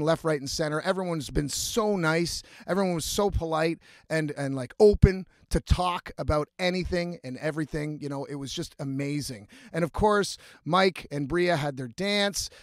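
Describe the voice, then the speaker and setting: Brief: young male vlogger, swears constantly, restarts a lot, high-pitched voice, dry booth-like sound. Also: moderate pace, no room sound. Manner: profane, rambling, animated storytelling with restarts. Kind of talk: casual storytelling vlog.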